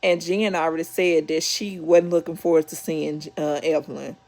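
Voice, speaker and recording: A woman's voice: deep voice, fairly even intonation, normal speed, darkish tone. A woman hosting a casual reality show recap, chatty and storytelling, acting out quotes with laughs.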